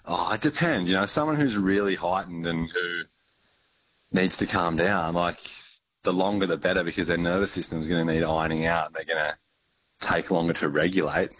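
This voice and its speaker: Deep-voiced calm man. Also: moderate pace, no room sound, low-quality recording. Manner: calm, easygoing, with many fillers. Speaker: breathwork teacher. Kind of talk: conversational explanation.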